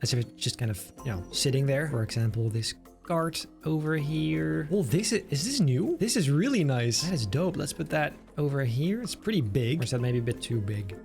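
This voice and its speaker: Upbeat guy rambling thru his game build, kinda high voice, chatty. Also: lively intonation, moderate pace, gravelly, hardly any pauses, a little mellow, soft background music. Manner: enthusiastic, chatty, thinking aloud. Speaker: game video creator. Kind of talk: casual gameplay commentary.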